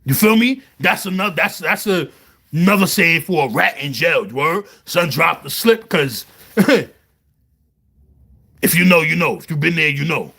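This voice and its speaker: A man with a Brooklyn accent, telling jail stories in a casual, animated monologue full of slang. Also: a little high, normal speed, creaky, breathy edge. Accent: New York, Brooklyn. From New York. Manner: animated storytelling, heavy slang, repeats "you heard". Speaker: vlogger.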